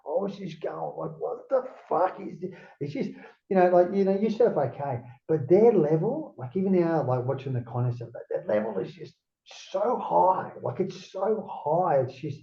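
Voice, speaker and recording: A middle-aged Australian man, an interview guest, telling rambling, animated stories full of swearing. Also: fairly high pitch, vocal fry. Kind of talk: casual storytelling. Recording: roomy, dull lo-fi sound.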